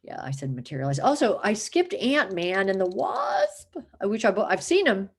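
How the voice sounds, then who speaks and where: A woman's voice: medium pitch, huge pitch swings, normal speed, husky. A woman chatting casually to the camera, rambling and self-mocking, laughing often and slipping into put-on accents for fun. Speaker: vlogger.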